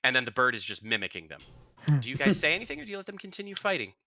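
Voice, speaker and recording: A man narrating as game master in an animated, descriptive way. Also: mid-range voice, racing, no echo.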